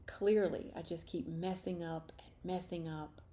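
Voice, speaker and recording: A woman leading a guided EFT tapping session, speaking slow, repetitive first-person statements for listeners to repeat. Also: fairly low pitch, little pitch movement, mellow. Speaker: tapping practitioner.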